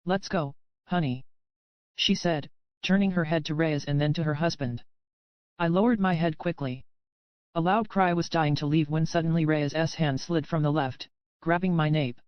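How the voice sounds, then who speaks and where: Audiobook narrator, woman, steady first-person storytelling; smooth tone, lo-fi dry recording. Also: low voice, normal speed, no room sound. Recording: dry, slightly dull lo-fi audio.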